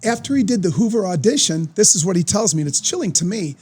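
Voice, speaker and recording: Husky yet high-pitched and fast, this older man is a former football player appearing as a podcast guest. His casual storytelling is animated and excitable, and he performs the quoted voices himself.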